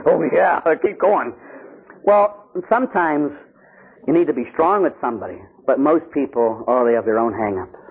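Blunt joking priest guy preaching, kinda husky, muffled lo-fi audio. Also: medium pitch. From Pittsburgh, USA. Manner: blunt, animated, joking asides. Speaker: Catholic priest. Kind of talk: preaching talk. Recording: dull lo-fi recording.

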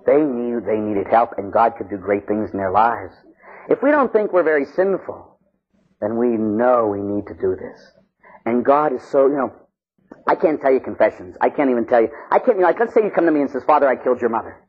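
A man preaching a sermon as a priest, intense, swinging between loud pleading and hushed tones. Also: mid-range voice, lively intonation, brisk, husky, lo-fi sound.

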